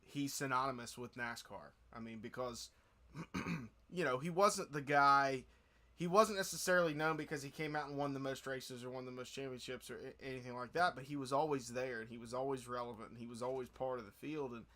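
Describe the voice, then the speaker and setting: Bright-voiced rambling podcast host man. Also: mid-range voice, steady tone, brisk. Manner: rambling, many restarts. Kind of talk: casual podcast chat.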